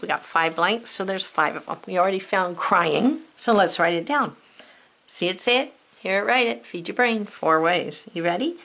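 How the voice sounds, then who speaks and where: A woman teacher leading a children's spelling lesson, upbeat and playful, encouraging her pupils and sounding words out slowly. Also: mid-range voice, gravelly, fairly bright tone.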